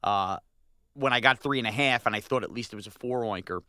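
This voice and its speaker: A man's voice: medium pitch, fairly quick, sharp tone, smooth, no echo, studio quality. A man co-hosting a sports radio show, complaining with indignant, rising outbursts. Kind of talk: animated sports radio banter.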